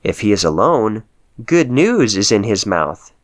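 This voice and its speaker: A man reading aloud, voicing an old king crying out in grief for his son with wailing, drawn-out cries. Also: lowish voice, sing-song. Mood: measured.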